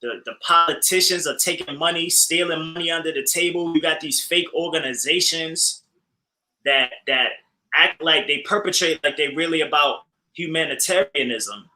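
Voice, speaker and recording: Bright-voiced male co-host. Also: on the high side, moderate pace, poor audio. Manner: animated, repeats phrases, addresses listeners as family. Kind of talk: casual commentary.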